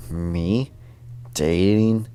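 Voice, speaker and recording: A man's voice: low voice, steady tone, drawn-out words, dark tone, clear, resonant tone. A man reading a shy, anxious schoolgirl. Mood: flustered. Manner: hesitant, read aloud from game text. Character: shy anxious young female student. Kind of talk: reading visual novel dialogue.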